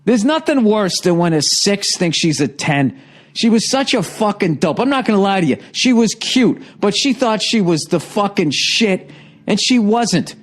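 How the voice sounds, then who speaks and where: A man's voice: high-pitched, expressive, moderate pace. Profane, exasperated man telling a rant. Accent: Boston. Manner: profane, exasperated, mimics others in quoted dialogue. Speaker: comedian podcast host. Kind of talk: comedic rant, storytelling.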